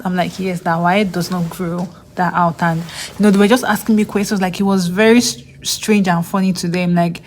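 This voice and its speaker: A young woman with a Nigerian accent telling stories casually in a vlog, often acting out what others said in a higher voice. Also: fairly quick. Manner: chatty, acts out others' lines in a higher voice. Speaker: vlogger and graduate student.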